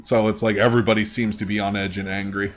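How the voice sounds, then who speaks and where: Relaxed, low-voiced male game master. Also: fast. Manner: relaxed, rambling, with many fillers and laughs. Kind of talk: running a tabletop game session.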